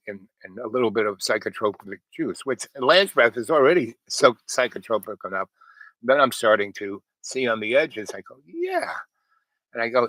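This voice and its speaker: A man's voice: mid-range voice, sharp tone, dry recording, poor audio. Rambling man telling a story. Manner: meandering, many fillers and restarts, quotes others. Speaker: storyteller host. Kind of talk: rambling casual anecdote.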